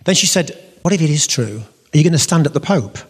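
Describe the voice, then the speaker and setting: A man giving a storytelling sermon, animated and acting out the voices he quotes. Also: fairly high pitch, quick pace, breathy edge. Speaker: speaker giving a faith talk. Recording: long hall reverb.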